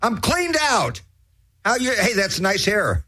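A man hosting a crude comedy show, rambling through raunchy shout-outs and dirty rhymes. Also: high-pitched, wildly swooping pitch, takes it slowly. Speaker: host.

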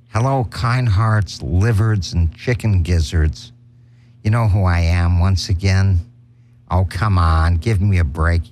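Campy sequined showman pianist, vain and fawning, slow and unhurried, put on by a man. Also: low-pitched, a little mellow, slight background noise, pitched below the performer's own voice. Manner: campy, fawning greetings and punchlines. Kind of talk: comic impression monologue.

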